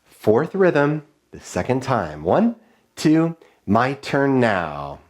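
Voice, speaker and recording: A man teaching a children's music lesson, his voice leaping up into a sing-song for the rhythm chants. He speaks slowly and deliberately, with very animated intonation and warm encouragement. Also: medium pitch. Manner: clear, encouraging classroom call-and-response.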